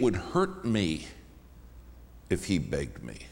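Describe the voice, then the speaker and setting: A man preaching a sermon as a guest in a church, emphatic, swinging between hushed and raised lines. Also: sits low, animated, slow, pauses often. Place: church sanctuary. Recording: long reverb of a church hall.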